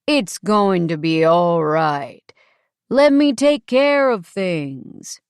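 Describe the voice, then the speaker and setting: A woman's voice: fairly low pitch, lively intonation, unhurried, no echo, studio quality. A woman voicing a crooning Southern US man. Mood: smug. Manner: crooning, ingratiating, louder. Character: patronizing Southern man, smug and pushy.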